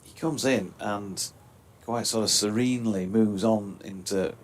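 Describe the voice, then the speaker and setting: A man giving relaxed, chatty live cricket commentary with dry quips. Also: fairly low pitch, a little slow.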